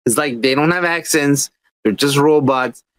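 A man's voice: a little high, normal speed, a bit bright, no room sound. A man co-hosting a podcast, complaining in profane casual chat. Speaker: podcast co-host.

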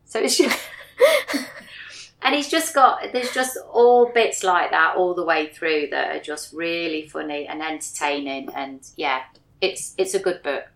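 A young woman co-hosting a book podcast, chatting casually and relaxed, often murmuring agreement. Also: deep voice, a little slow, creaky. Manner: relaxed, brief replies and soft murmurs of agreement. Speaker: podcast co-host. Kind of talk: casual chat.

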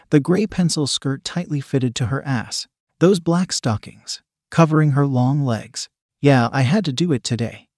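Guy reading a story out loud, calm and sly, dead dry sound, middle pitch. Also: no echo. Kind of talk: scripted first-person story narration.

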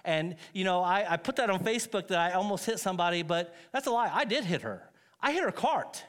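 A man's voice: high-pitched, lively intonation, a little fast, a bit bright. A middle-aged man preaching a sermon as pastor, telling stories with self-mocking humor and frequent laughs.

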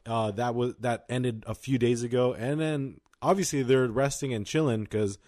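A man's voice: mid-range voice, fairly even intonation, moderate pace, darkish tone, dry recording, clean studio sound. A young man co-hosting a podcast, chatting casually with lots of fillers. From Los Angeles County. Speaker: podcast co-host. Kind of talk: casual chat.

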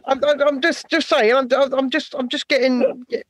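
A man co-hosting a live stream in a laid-back, joking way, often breaking into chuckles. His voice sits fairly high for a man, and the sound is close and dry. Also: steady tone, normal speed, a bit bright, no echo. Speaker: co-host of a live chat show. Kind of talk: casual banter, live stream.

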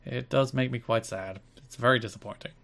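Animated male podcast co-host. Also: medium pitch, fairly quick, vocal fry. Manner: animated, with playful mock outrage. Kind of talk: casual chat.

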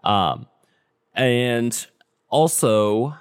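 Guy hosting a podcast, smooth voice, dry close sound, lots of ums. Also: medium pitch, extremely slow, no echo. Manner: relaxed, lots of ums and restarts. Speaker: podcast host. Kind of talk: casual gaming news chat.

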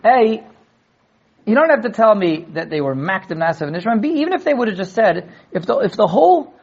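A man teaching a Talmud class in a lecture style, acting out quoted dialogue and repeating words in quick restarts. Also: high-pitched, breathy edge, muffled recording. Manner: animated, acts out quoted dialogue. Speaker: Torah teacher.

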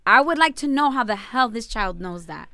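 Bright, crisp woman telling a story. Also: a little high, moderate pace, no echo. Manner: animated storytelling, many fillers, acts out quotes. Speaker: podcast co-host telling a story. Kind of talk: casual chat.

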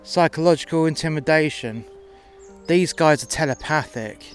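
A man's voice: a little high, normal speed, soft background music, natural voice. A man voicing a blunt, dismissive alien woman in a spoken story.

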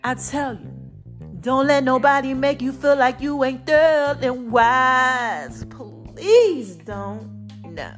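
A woman's voice: high-pitched, lively intonation, takes it slowly, soft background music. Breathless New woman preaching. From Brooklyn. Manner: preachy, chatty, sings snatches. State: short of breath. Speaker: podcast host. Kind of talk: casual motivational chat.

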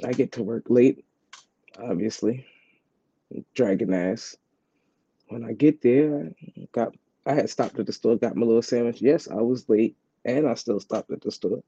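Husky man with a very dark voice. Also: mid-range voice, unhurried, pauses often, dry recording. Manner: rambling, repeats himself, fillers like "like". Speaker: vlogger. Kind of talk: casual storytelling. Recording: dull, dry lo-fi sound.

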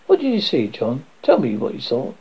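A man's voice: mid-range voice, wildly swooping pitch, moderate pace, breathy edge, full character voice. A man voicing a commanding male team leader who presses for answers with coaxing questions. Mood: urgent. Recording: dull lo-fi recording.

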